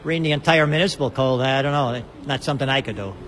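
A man's voice: mid-range voice, quick pace, fairly bright tone. A man, a city alderman, with a thick Chicago accent, speaking bluntly in an interview. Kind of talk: interview remarks.

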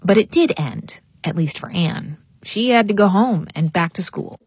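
A woman hosting a radio show, reading scripted narration in a measured, polished way. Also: lowish voice, lively intonation, a little mellow, husky, no echo. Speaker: radio host.

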